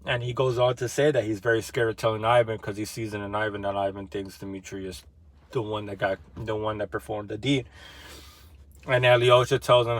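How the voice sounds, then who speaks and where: A man's voice: on the low side, level tone, a little fast, dry recording. Slangy young man, dry close sound. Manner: loose and slangy, filler-heavy, swears. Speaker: book discussion vlogger. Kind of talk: casual book chat retelling a novel.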